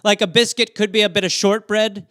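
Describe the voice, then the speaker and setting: A man's voice: sits high, flat delivery, fairly quick, fairly bright tone, clear, resonant tone, no room sound. A man from Wisconsin riffing through silly prompts on a livestream, playfully dropping into comic voices. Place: home, livestream. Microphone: phone or webcam.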